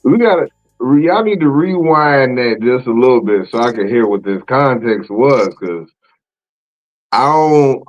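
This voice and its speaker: A man hosting a podcast in casual chat, animated and slangy, exclaiming and laughing often. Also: medium pitch, unhurried, muffled recording, soft background music. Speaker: podcast host.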